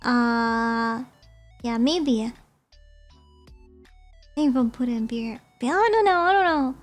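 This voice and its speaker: A woman's voice: fairly high pitch, slow, soft background music. A young woman streamer chatting casually and rambling as she ranks movies, often giggling.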